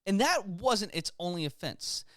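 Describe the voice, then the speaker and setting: A man's voice: high voice, big pitch swings, a little slow, fairly bright tone, dry recording. A man co-hosting a podcast who reads history articles aloud in casual chat and stumbles over long words. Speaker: podcast co-host.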